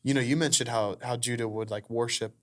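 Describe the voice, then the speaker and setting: A man hosting a relaxed faith podcast, chatting loosely with plenty of filler words. His voice sits at an ordinary middle pitch. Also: fairly quick. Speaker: podcast host. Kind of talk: casual faith conversation.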